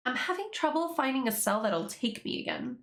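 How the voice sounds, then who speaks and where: A woman's voice: sits high, big pitch swings, brisk, roomy sound, voice pushed up. A woman voicing a male prison inmate in a plain, half-hearted read-aloud voice. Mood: asking.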